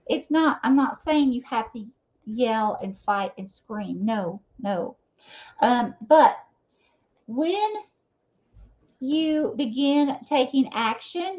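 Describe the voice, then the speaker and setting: A woman giving a live tarot reading, talking casually and checking in often with her viewers. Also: high-pitched. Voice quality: conversational, frequent "okay?" and "you know" fillers. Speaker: tarot reader. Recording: dull lo-fi sound.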